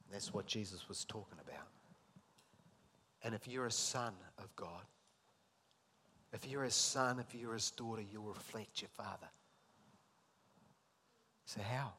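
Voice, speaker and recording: A man preaching a sermon, acting out scripture dialogue and swinging between loud emphatic lines and soft intimate ones. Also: lowish voice, a little slow, long pauses, a little hiss or hum.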